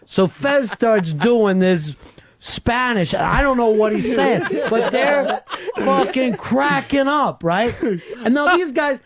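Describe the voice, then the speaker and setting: A man hosting a radio talk show, telling a story in an animated way, swearing constantly and laughing through it, on a studio microphone. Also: extremely high pitch, takes it slowly. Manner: profane, laughs through his own story.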